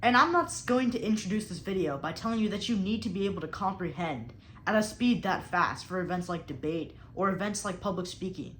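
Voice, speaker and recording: A woman's voice: medium pitch, animated, fairly quick, a bit bright, echoey room, slight background noise. A young woman who coaches debate, explaining speaking technique in an instructional talk and stressing key words on purpose. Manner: explanatory, emphatic, varies tone on purpose.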